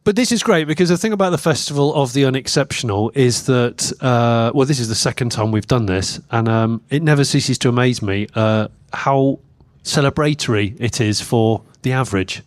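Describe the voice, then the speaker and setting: A man's voice: mid-range voice, normal speed, few pauses. A man with a mid-range voice chats in an easygoing, enthusiastic way as co-host of a live stage podcast. The sound is close and dry, with no audible room echo. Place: outdoor festival stage before an audience.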